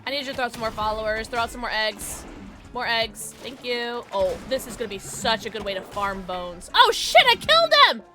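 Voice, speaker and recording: A young woman streaming a game, chatting casually with her viewers and reading chat aloud, bubbly and quick to laugh. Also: fairly high pitch, steady tone, a bit bright, soft background music. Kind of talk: casual gaming livestream chat.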